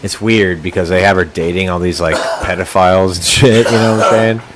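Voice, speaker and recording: Deep-voiced man rambling casually. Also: fairly even intonation, fairly quick, noisy background. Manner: loose, rambling, profane. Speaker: friend at the table. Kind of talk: casual chat over drinks.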